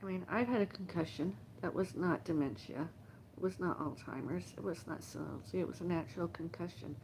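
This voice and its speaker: Gravelly middle-aged woman, halting and emotional. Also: lowish voice, dark tone, slight background noise. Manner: halting, emotional, repetitive lists. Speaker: livestream host. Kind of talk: rambling personal monologue. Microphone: phone livestream.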